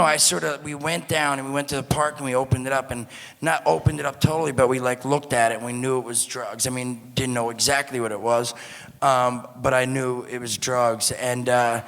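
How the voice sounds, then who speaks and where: Man, gravelly voice, rambling casual storytelling, long reverb around him. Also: mid-range voice. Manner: rambling, animated, acts out quoted voices. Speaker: podcast co-host.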